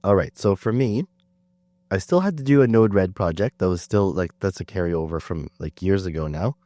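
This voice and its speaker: A Canadian man hosting a casual podcast while sick, chatting in a relaxed, self-deprecating way with plenty of fillers. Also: low-pitched, moderate pace, dry recording, studio quality. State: sick, under the weather. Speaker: podcast host. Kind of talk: casual chat.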